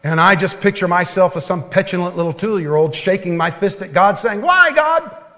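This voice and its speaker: Earnest, higher-voiced preacher with hall echo. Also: male voice, fairly even intonation, brisk. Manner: earnest and folksy, dropping to a hush at tender points. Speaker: pastor. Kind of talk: sermon. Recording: long hall reverb.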